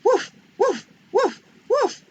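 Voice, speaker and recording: A squeaky little puppy. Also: female voice, big pitch swings, drawn-out words, highs cut off, heavily acted. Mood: playful. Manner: high squeaky barking. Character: excited yappy little puppy dog. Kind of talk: storybook read-aloud.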